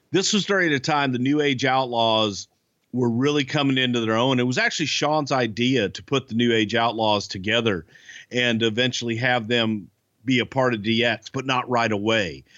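A man's voice: medium pitch, a bit bright, dry recording. Blunt, swearing man on a dull mic. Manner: blunt, swears freely, frequent fillers and restarts. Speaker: podcast co-host, wrestling insider. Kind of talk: casual podcast chat.

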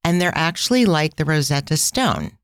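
A woman's voice: deep voice, sing-song, moderate pace, clean tone, dry recording, clean studio sound. A woman hosting a casual travel podcast, telling stories in a chatty way with tangents and asides. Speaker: podcast host.

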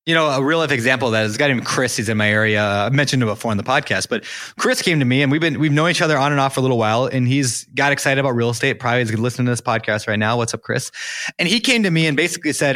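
A man's voice: medium pitch, racing, no echo, studio quality. A young man co-hosting a podcast, chatting casually and animatedly acting out what people say to him. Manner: animated, acts out quoted people. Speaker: podcast co-host.

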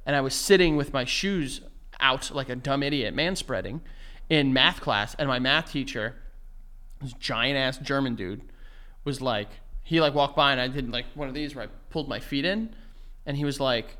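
A man's voice: medium pitch, normal speed, bright, forceful tone. A young man co-hosting a podcast, telling rambling stories in casual chat, swearing and laughing easily. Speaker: podcast co-host.

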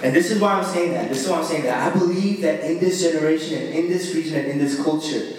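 A man's voice: fairly high pitch, fast, a little mellow. A young man preaching a casual, slangy sermon with laughing asides to a congregation. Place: church hall. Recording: echoey hall, mic far off.

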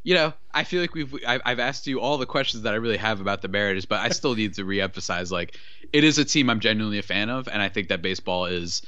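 A man's voice: lowish voice, quick pace, bright, forceful tone, smooth, no room sound, dull audio. A young man hosting a podcast, talking energetically and rambling with lots of fillers. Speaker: podcast host. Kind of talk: casual podcast chat.

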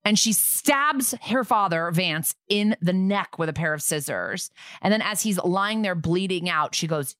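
Lively woman recapping a show, dry sound. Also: fairly low pitch, a little slow, no echo. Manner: lively storytelling, acts out quotes from the episode. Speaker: podcast co-host. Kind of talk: casual chat recapping a TV episode.

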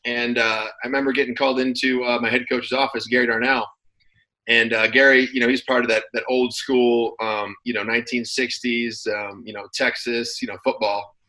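Bright-voiced man telling stories easily. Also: medium pitch, moderate pace, poor audio. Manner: relaxed storyteller, many fillers and restarts. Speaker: guest, former football player. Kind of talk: casual interview chat.

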